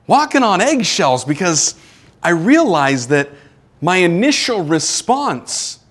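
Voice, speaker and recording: A man preaches a sermon, his voice sitting a little high for a man. He acts out quotes and swings between lively, raised lines and sudden quiet drops. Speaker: pastor.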